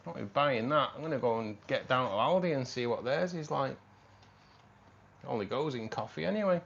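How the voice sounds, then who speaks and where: A man's voice: mid-range voice, animated, moderate pace, vocal fry, fairly bright tone, muffled recording. A man hosting a casual livestream, chatting with viewers, calling them mate and reading out the chat, his voice a little tired. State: voice tiring. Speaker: livestream host. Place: home room.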